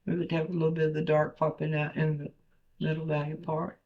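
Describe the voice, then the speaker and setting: A man's voice: a little high, monotone, fairly quick, highs cut off. A man, a painting instructor, talking through a demonstration as he paints, thinking aloud with fillers and restarts.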